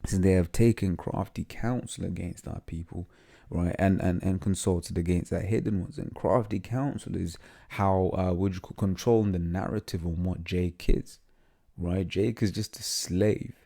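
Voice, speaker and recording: A man giving informal scripture teaching, talking haltingly with many fillers and restarts, and reading passages aloud with some stumbling. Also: low-pitched, fairly even intonation, gravelly, dark tone. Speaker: religious teacher.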